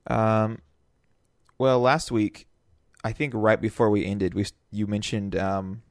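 A man's voice: on the low side, flat delivery, a little slow, no room sound, studio quality. A man co-hosting a casual gaming podcast, joking and giggly. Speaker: podcast co-host.

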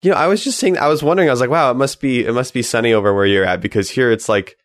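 A man's voice: medium pitch, very fast, no room sound, clean studio sound. A man hosting a podcast, chatting in an upbeat, joking way. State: recovering from a cold. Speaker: podcast host. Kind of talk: casual podcast chat.

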